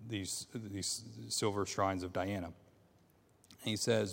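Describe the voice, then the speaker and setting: A man teaching a Bible class, reading scripture aloud in a halting way with many fillers and restarts, and asking his class questions. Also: low-pitched, steady tone, gravelly. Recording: long reverb in a hall.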